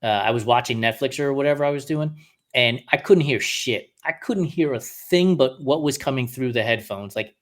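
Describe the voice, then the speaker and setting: A man's voice: mid-range voice, normal speed. Laughing, easygoing middle-aged male podcast host. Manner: animated, laughs often, reads listener picks aloud. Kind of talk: casual chat.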